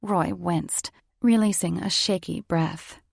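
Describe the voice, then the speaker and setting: A woman narrating an audiobook with steady, measured storytelling. Her voice sits a little low with a gravelly edge. The recording is dry and close to the mic. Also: no echo.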